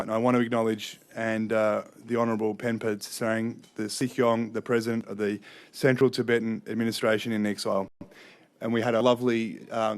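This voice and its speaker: A middle-aged Australian politician giving a ceremonial speech, chatty and joking, with loose restarts. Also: male voice, lowish voice.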